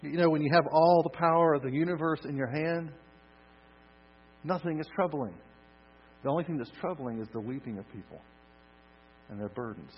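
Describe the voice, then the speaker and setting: A man preaching a sermon, swinging from loud emphasis to soft, hushed lines. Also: a little high, normal speed, pauses often, slightly rough. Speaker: pastor. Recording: dull lo-fi recording with mains hum.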